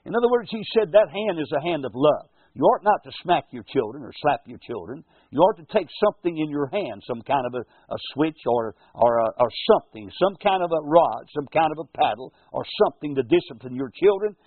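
An older man preaching a folksy radio sermon as pastor and host, slowing down to quote scripture. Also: a little high, expressive, no room sound. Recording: tinny, husky lo-fi radio broadcast.

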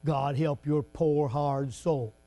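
A man's voice: on the high side, fairly even intonation, slow pace. A man preaching a fervent, folksy revival sermon in a church. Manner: fervent, folksy, rising to shouts.

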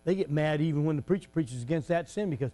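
A man's voice: on the high side, fast talker. A man preaching a fervent, folksy revival sermon in a church. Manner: fervent, folksy, rising to shouts.

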